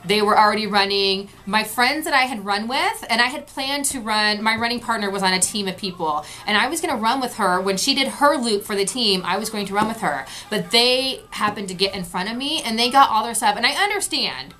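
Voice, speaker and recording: A woman's voice: medium pitch, lively intonation, a little fast, hardly any pauses, pushed and bright, slight background noise. A woman vlogger recapping an event in casual talk, frustrated and retelling what people said. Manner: frustrated, retelling with quoted voices.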